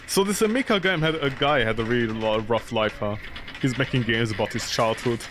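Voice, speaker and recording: A man's voice: mid-range voice, a little fast, over music. A man streaming a horror game, rambling and joking as he talks back at it. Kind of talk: let's play commentary.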